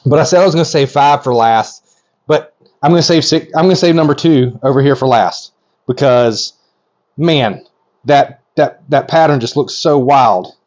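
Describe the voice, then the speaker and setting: A middle-aged man hosting a vlog, giving hands-on commentary in an excitable, rambling way that keeps interrupting itself. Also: mid-range voice, moderate pace. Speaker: reptile breeder host. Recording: slightly dull lo-fi audio.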